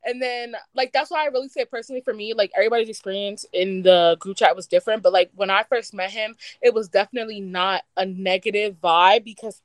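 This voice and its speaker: A woman's voice: mid-range voice, steady tone, quick pace, few pauses, dry recording. A woman guest on a podcast telling a story in a chatty, casual way, with lots of fillers and cursing. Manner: chatty, filler-heavy, swears freely.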